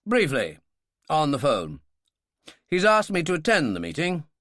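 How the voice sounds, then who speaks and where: A man's voice: fairly high pitch, huge pitch swings, unhurried, a bit bright, dry recording, pitched above the performer's own voice, heavily acted. A man voicing a composed older general who speaks in a clipped, dry way.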